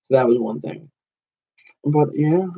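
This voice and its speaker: A man's voice: a little high, a little slow, dark tone, muffled recording. A young man in his twenties hosting a casual solo podcast, rambling through stories with lots of "like"s and self-corrections. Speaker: podcast host.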